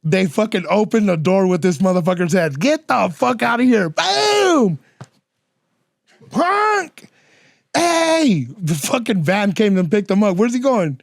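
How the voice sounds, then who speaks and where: A young man with a high voice hosts a podcast solo and tells stories, heavy on slang and cursing. He jumps into other people's lines as he tells them. The sound is close and dry, with no room around it. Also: lively intonation, moderate pace, vocal fry, hardly any pauses, no echo. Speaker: podcast host. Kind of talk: casual solo storytelling.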